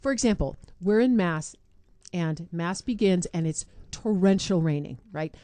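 A woman's voice: on the low side, expressive, measured pace, warm tone, no room sound. A woman chatting casually on a faith podcast, joking and laughing as she tells a story. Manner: chatty, jokey, laughs often.

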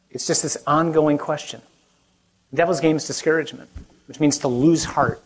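A parish priest with a slightly high voice preaches humorously to a young audience, talking fairly quickly with fairly even intonation over slight background noise. He's conversational and self-deprecating, often putting questions to his listeners.

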